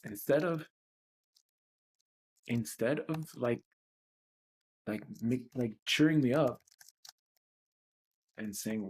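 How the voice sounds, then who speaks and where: A man's voice: medium pitch, slow, pauses often, a little mellow, husky. A man hosting a livestreamed self-help session, talking in a blunt, profane, emotionally raw way. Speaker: host of a tapping session.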